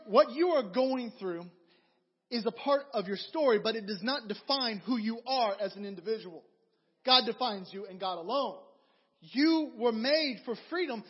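High-voiced man preaching in a reverberant hall. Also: slightly rough. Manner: animated storytelling with repeated phrases. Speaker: pastor. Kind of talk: sermon. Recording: dull recording in a reverberant hall.

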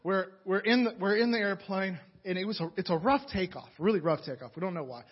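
A young man from Atlanta preaching a sermon, telling a story with animated, dramatic energy and many restarts. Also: high voice, quick pace, slightly rough. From Atlanta, USA. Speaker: pastor. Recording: dull lo-fi recording.

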